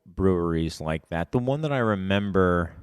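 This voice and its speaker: A man's voice: low voice, animated, moderate pace, clean tone, no room sound, studio quality. A man co-hosting a podcast in casual chat, rambling and searching for words as he talks. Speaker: podcast co-host.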